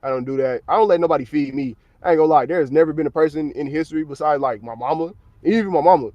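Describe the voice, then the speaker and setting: A man's voice: a little high, racing, no echo, dull audio. An American man livestreaming from his parked car at work, chatting casually in a blunt, slang-heavy, profane way. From United States.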